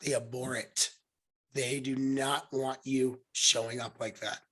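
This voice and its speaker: A young adult man hosting a podcast, telling a story in casual conversation and acting out quotes with sudden jumps in pitch and volume. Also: flat delivery, unhurried, fairly bright tone. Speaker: podcast host.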